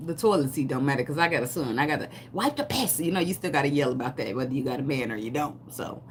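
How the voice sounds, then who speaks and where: A woman's voice: rumbling low, animated, quick pace, slight background noise. A woman giving a casual tarot reading, cursing, joking and laughing between cards. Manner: loud, laughing, profane, joking asides. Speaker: tarot reader.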